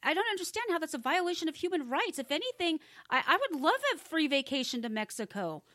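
A woman's voice: high-pitched, sing-song, quick pace, a bit bright, dry recording, clean studio sound. A woman co-hosting a casual talk show, giving blunt, indignant commentary and reading news. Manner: blunt, indignant, laughs often. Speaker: co-host.

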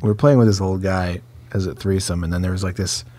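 A man who is a guest in a casual chat, easygoing and quick to laugh. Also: low voice, fairly even intonation, dark tone, no echo.

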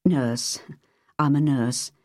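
A man's voice: mid-range voice, steady tone, drawn-out words, a little mellow, no echo, studio quality. A woman reading an audiobook, voicing a young male charge nurse with a light, falsely jocular manner. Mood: breezy. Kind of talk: audiobook character voice.

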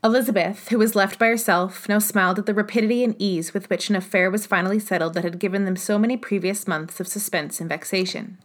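Woman audiobook narrator, calm and measured. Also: mid-range voice. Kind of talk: audiobook reading of a classic novel.

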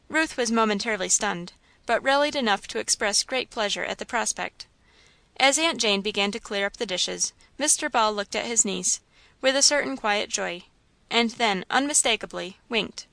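A woman's voice: medium pitch, lively intonation, moderate pace, vocal fry, sharp tone, no echo. A woman reading a novel aloud as scripted narration, lightly shading the characters' dialogue. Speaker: audiobook reader.

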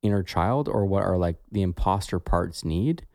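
A man's voice: low voice, animated, normal speed, darkish tone, no echo, studio quality. A man co-hosting a podcast, talking in a reflective, casual way with many "like" fillers. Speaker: podcast co-host.

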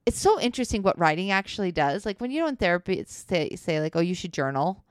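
A woman co-hosting a casual chat about her relationship, animated and laughing, swearing freely as she tells stories. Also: mid-range voice, fast talker, clean tone, dry recording, studio quality. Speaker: co-host.

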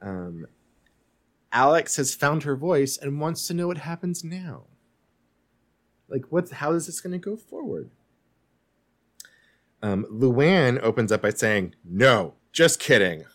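A man co-hosting a podcast, chatting casually and retelling scenes with quick, animated asides. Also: medium pitch. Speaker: podcast co-host. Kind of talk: casual chat recapping a TV show.

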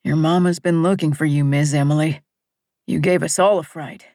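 A woman voicing a kind, fatherly middle-aged man on a rescue boat, talking in a gentle, drawling, coaxing way. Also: low-pitched, fairly even intonation, normal speed, dry recording, studio quality, voice pushed down. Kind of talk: audiobook character voice.

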